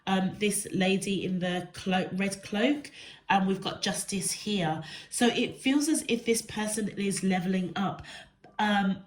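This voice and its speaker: A woman's voice: mid-range voice, rough recording. A woman with a stuffy, congested nose, giving a rambling, casual tarot reading to camera and often checking in with the listener. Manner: rambling, checks in with the viewer often ("okay?", "yeah?"). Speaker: tarot reader.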